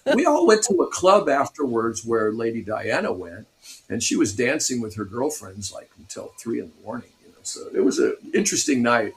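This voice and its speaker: A man's voice: mid-range voice, big pitch swings, brisk. A man in his sixties from Pasadena, California, a guest guitarist animatedly telling stories in a radio interview and laughing often.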